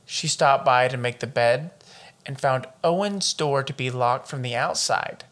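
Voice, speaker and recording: A man's voice: mid-range voice, a little slow, a bit bright. A man co-hosting a podcast, reading out a true-crime case in casual chat with profane, joking asides. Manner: profane and joking, wanders off into riffs. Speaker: podcast co-host.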